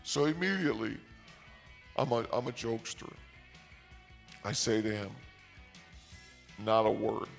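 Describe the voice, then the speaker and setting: A man hosting his own channel, telling a comic story in a rambling, self-mocking, deliberately naive way. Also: on the low side, expressive, creaky, soft background music. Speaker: comedic storyteller and channel host.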